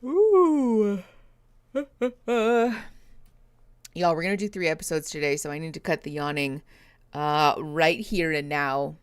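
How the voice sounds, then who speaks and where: A woman's voice: deep voice, animated, slow pace, pauses often, smooth, no room sound. A young adult woman, a therapist, chatting casually on a livestream, reading comments and greeting viewers, tired and yawning, laughing often. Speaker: therapist streaming reactions.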